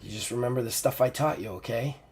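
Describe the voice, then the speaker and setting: A man voicing a dying old woman mentor, hushed and tender. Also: mid-range voice, fast talker, breathy edge. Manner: soft, hushed, tender delivery. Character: dying older woman mentor, gentle and calm.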